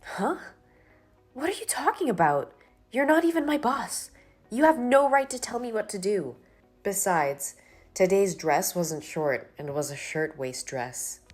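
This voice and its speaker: An actress playing a young office worker who firmly and politely pushes back against a colleague. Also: female voice, low-pitched, slow, darkish tone, faint music behind. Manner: firm, exasperated, polite refusals. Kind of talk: scripted dialogue drama.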